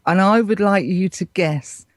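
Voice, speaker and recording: An English woman co-hosts a relaxed talk show and teases her guests playfully. She laughs easily and keeps things light. Her voice sits mid-range and sounds dry and close. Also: medium pitch, measured pace, no echo. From England. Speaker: co-host, correspondent. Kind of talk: casual podcast chat.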